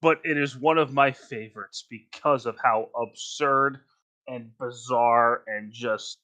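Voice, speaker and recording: A man's voice: medium pitch, steady tone, slow, bright, forceful tone. A man co-hosting a podcast in casual chat, emphatic and rambling, often breaking into laughter. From North Carolina. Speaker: podcast co-host.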